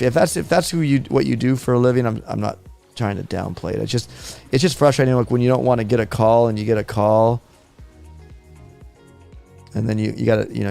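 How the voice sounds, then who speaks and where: A man's voice: lowish voice, steady tone, brisk, gravelly, mellow, soft background music. A man in his thirties hosting a gaming live stream, chatting casually and rambling with frequent restarts. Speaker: gaming channel host.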